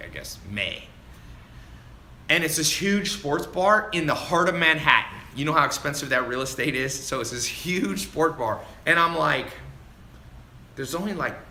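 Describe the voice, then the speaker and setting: A man coaching viewers on a casual livestream, animated and chatty, calling people dude and man as he answers their questions. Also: medium pitch, slight background noise. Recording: roomy echo with faint ambience.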